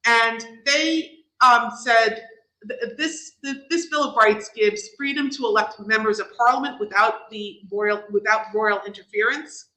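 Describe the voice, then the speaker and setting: A woman's voice: fairly high pitch, unhurried, pushed and bright, roomy sound, low-quality recording. A middle-aged woman with a New York accent giving an informal lecture, explaining step by step with frequent restarts and fillers. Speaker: guest lecturer.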